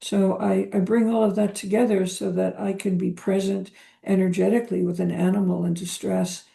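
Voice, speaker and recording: A woman guest, a psychotherapist, talking in a reflective, hesitant way with frequent pauses and ums during a spiritual interview. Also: mid-range voice, flat delivery, gravelly, dark tone.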